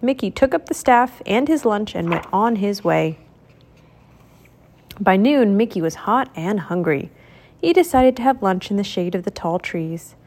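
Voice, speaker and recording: A woman's voice: mid-range voice, expressive, a little slow, a little mellow. Woman reading a children's storybook aloud.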